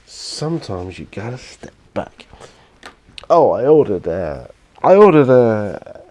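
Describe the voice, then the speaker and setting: A middle-aged man chatting casually while painting miniatures, soft-spoken and rambling with many fillers. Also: lowish voice, sing-song, takes it slowly. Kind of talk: relaxed paint-along chat.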